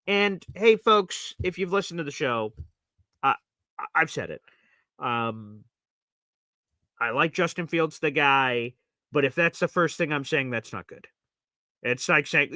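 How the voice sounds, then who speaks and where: A man hosting a live sports reaction show, talking bluntly and with lots of opinion, now excited, now muttering. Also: fairly high pitch, measured pace, no room sound, clean studio sound.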